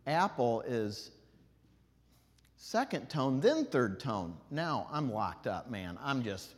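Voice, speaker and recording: A man teaching a group, animated, singing out drawn vowels to show how the pitch moves. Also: takes it slowly. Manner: animated, demonstrates tones by singing out long vowels. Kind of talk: classroom lesson. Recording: long hall reverb.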